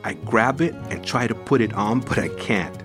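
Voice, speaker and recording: A man reading his own first-person story aloud with an unhurried, intimate and expressive delivery. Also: lowish voice. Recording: music playing behind the voice.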